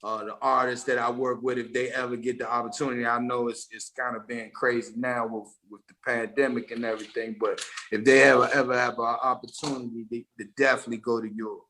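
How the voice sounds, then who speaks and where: Bright-voiced DC man talking casually. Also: medium pitch, little pitch movement, fast, a little hiss or hum. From Washington DC. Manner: laid-back, rambling storytelling with frequent restarts. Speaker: guest rapper. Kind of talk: casual podcast conversation.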